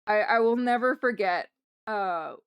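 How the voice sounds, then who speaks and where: Young Canadian woman, mild accent, smooth clear voice, dry close mic, rambling casual stream chat. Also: mid-range voice, unhurried, dry recording, muffled recording. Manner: chatty, rambling, self-correcting with frequent laughs. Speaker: livestreamer. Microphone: streaming microphone.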